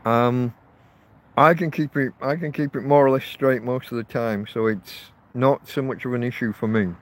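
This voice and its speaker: His voice sits in the mid-range with a steady tone and a normal speed. He's a vlogger living rough in a field camp, rambling and chatty, stopping to correct himself while talking casually to viewers. The clip was shot outdoors in a windy field on a portrait-held phone, picking up wind and faint outdoor noise.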